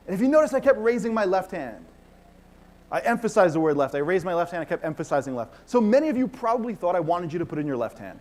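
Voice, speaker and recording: A man with a fairly high voice leads a live stage act as a mentalist, talking to a hall of a few thousand people. He is upbeat and commanding, and he teases the crowd while he gives instructions. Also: quick pace. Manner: energetic, commanding, playful crowd work. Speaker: mentalist performer. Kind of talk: live stage show with audience participation. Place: large conference hall with audience.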